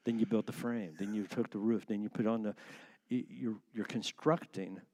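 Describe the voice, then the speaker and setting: A man teaching a church class on marriage in a relaxed conversational way, explaining with everyday metaphors. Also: fairly low pitch, moderate pace.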